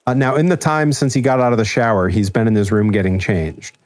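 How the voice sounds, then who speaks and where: A young man chatting casually on a gaming stream, telling a rambling anecdote with animated quoted voices. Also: on the low side, brisk, dry recording. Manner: rambling storyteller, animated quoting. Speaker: streamer co-host.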